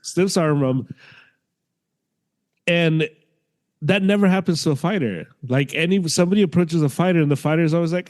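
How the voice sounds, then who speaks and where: A man co-hosting a podcast in casual chat, halting and restarting as he thinks aloud. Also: fairly high pitch. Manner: halting, restarts, animated asides. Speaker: podcast co-host.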